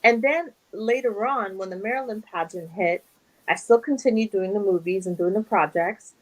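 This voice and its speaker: A woman's voice: medium pitch, normal speed, poor audio. A young woman guest in a casual interview, animatedly telling stories and acting out quoted dialogue. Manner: animated, acts out quoted dialogue, laughs often. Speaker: guest actress.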